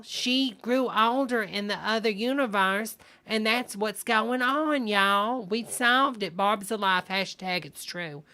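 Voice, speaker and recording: Sassy woman host with a bright voice. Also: mid-range voice, slow pace, few pauses. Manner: sassy, gossipy, calls everyone honey and y'all. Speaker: livestream host reacting to a video. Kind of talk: comic live commentary.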